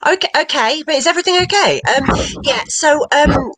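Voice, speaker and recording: A woman's voice: high voice, lively intonation, a little fast, noisy background. A woman hosting an online comedy night over a video call, talking casually and hesitantly with many fillers and a self-deprecating manner. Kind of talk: casual live-stream hosting.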